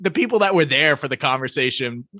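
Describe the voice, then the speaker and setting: A man co-hosting a casual podcast, retelling scenes in an animated, wry way. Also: mid-range voice, quick pace, no echo, studio quality. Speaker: podcast co-host. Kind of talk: casual chat reviewing a TV series.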